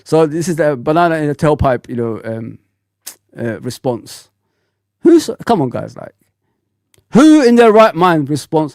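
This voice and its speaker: A man in his forties hosting a fan livestream, talking bluntly in an animated, ranting way full of slang. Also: on the high side, a little slow, no room sound, studio quality. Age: 40s. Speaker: football fan channel host. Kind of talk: casual livestream rant.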